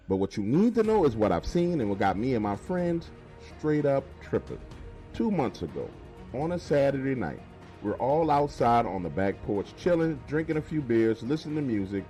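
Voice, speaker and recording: A man narrating a first-person scary story in a colloquial, emphatic, animated way. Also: mid-range voice.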